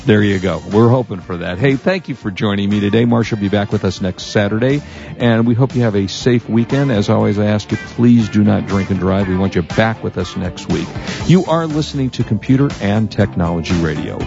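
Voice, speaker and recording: A man's voice: lowish voice, brisk, gravelly, dull audio, over music. A man hosting a technology radio show, talking casually in a rambling, chatty way and correcting himself as he goes. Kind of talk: casual tech radio talk.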